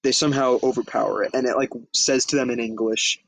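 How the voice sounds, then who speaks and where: A man's voice: medium pitch, fairly even intonation, fast talker, creaky, a bit bright, a little hiss or hum, low-quality recording. A man co-hosting a podcast, casually recapping a comedy film in a loose, profane way and acting out quoted lines. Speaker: podcast co-host. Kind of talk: casual movie recap chat.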